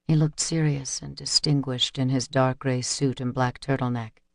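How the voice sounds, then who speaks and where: Male audiobook narrator, steady measured reading, mid pitch, dry close studio sound. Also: gravelly, no room sound. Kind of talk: scripted narration.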